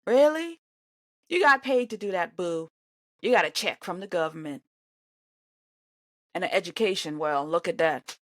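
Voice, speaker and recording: In reaction commentary on an interview, a vlogger talks back at the screen, sarcastic and indignant, at a normal pace with frequent pauses. She's animated, her voice lurching between loud outbursts and quiet mutters, recorded dry with no echo.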